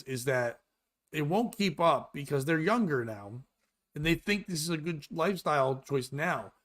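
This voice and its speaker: A man hosting a comedy podcast, ranting in a loud, exasperated and profane way. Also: fairly high pitch. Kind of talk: crude comedic rant.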